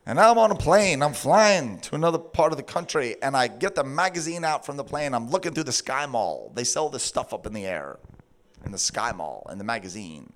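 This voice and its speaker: A man preaching a sermon through a funny personal story, laughing often and acting out his own words in a high sing-song voice. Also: lively intonation, fairly quick.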